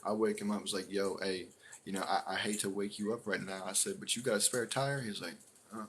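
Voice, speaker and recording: A man tells a story to his live stream audience in an easygoing, rambling way, full of fillers and restarts. His voice sits somewhat low, and he acts out what others said along the way. A faint background hiss runs under the recording. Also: fairly even intonation, fairly quick, a bit bright.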